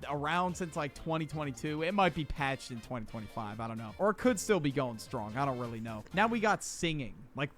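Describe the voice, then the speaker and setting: A man's voice: a little high, expressive, brisk, few pauses, a bit bright, faint music behind. A young man hosting a casual streamer chat, rambling and self-deprecating with offhand swearing. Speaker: streamer host.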